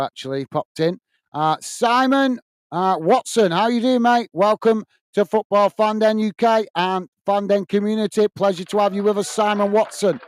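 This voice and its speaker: A man's voice: high-pitched, clear, resonant tone, no echo. A man from the UK hosting a live football watch-along, calling the play and thanking viewers by name in a chatty way. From United Kingdom. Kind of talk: live match commentary and chat reading.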